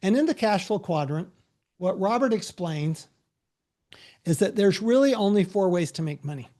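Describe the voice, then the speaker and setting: A middle-aged man, a tax advisor, giving a relaxed, anecdote-filled presentation over a video call with frequent restarts. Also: high voice, moderate pace. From United States.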